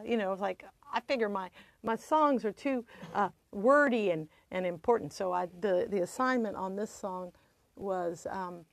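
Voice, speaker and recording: A woman's voice: mid-range voice, moderate pace, vocal fry, no echo. A woman from Virginia, a singer-songwriter hosting her show, who tells stories between songs in a chatty, rambling way and laughs easily. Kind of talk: casual storytelling between songs. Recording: ukulele playing behind the voice.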